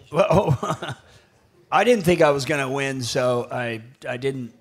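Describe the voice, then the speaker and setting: A man's voice: mid-range voice, slow pace, slightly rough. A man in his fifties, a former pro surfer, telling rambling stories in a profane, laughing way. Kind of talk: casual storytelling.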